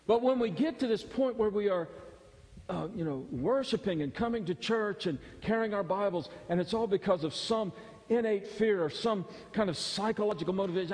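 A man preaches from the pulpit, his voice pitched a little high. He drives each point home with repetition and rising fervor. The sound carries a long reverb from a church hall. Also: moderate pace, darkish tone. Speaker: pastor. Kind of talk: sermon. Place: church sanctuary.

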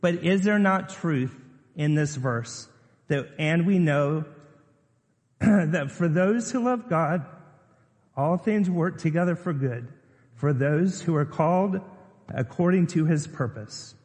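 A man's voice: a little high, takes it slowly, a little mellow. A man preaching a sermon as pastor, chatty and conversational, putting questions to his congregation. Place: church sanctuary. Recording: long reverb of a church hall.

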